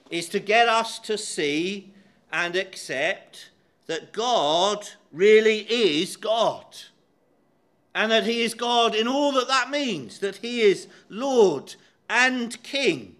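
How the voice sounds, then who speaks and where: A man preaching at a slow, deliberate pace, his voice bright and ringing. He is emphatic and measured, stopping often on small hesitations as he works through a text. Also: sits high. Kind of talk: sermon.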